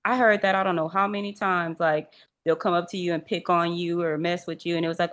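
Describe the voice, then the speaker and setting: A woman talking casually in a religious discussion group, animated and acting out what other people say. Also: fairly low pitch, fairly quick. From rural area. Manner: animated, acts out quoted remarks.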